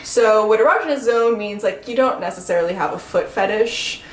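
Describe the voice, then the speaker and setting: A woman's voice: medium pitch, brisk. A young woman co-hosting an astrology show in a playful, giggly, casual way. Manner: giggly, playful, jokey asides. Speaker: astrology podcast co-host. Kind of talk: casual chat. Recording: echoey room, faint room ambience.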